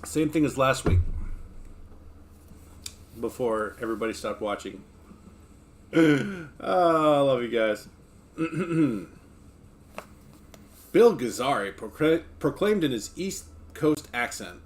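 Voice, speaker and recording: A man's voice: mid-range voice, expressive, slow, pauses often. A man streaming casually, joking with his viewers and reading a book aloud between chats. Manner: laid-back, joking, talks to chat between passages.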